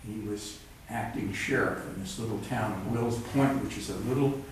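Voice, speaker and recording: This is a man with a lowish voice speaking at normal speed as he reads from his own books in a cultural center event room. His style is wry and unadorned, punctuated by rambling asides between pieces at the live event. A distant mic gives the recording a roomy sound with slight background noise.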